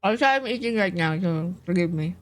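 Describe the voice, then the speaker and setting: A young woman streamer chatting casually with viewers in a low, groggy voice from just waking up, laughing and swearing easily while she eats. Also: expressive, fairly quick. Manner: laid-back, laughs often, swears casually, chats with viewers while eating. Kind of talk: casual live-stream chat.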